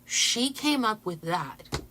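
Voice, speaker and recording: Woman host, casual livestream chat, excitable and giggly, bright tone. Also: mid-range voice, slow pace, slight background noise. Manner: excitable, laughing, talks to viewers. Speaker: channel host.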